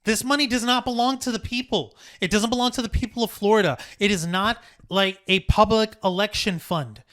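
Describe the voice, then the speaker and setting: A man's voice: high-pitched, fairly quick. A man co-hosting a podcast in a casual, sarcastic, swearing chat. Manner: animated, sarcastic, swears freely. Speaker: podcast co-host.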